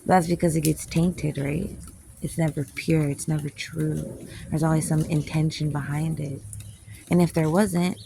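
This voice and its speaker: A woman's voice: low voice, fairly even intonation, measured pace, creaky, background noise. A woman poet teaching a casual spiritual class outdoors. She speaks candidly, swears freely, and laughs often. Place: outdoors, with planes passing overhead.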